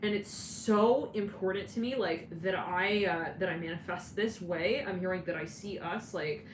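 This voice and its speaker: A woman's voice: lowish voice, moderate pace. A woman giving a channeled tarot reading who rambles and breaks into frequent giggles. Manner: giggly, rambling, laughs often. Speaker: tarot reader. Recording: roomy, distant mic with clear background noise.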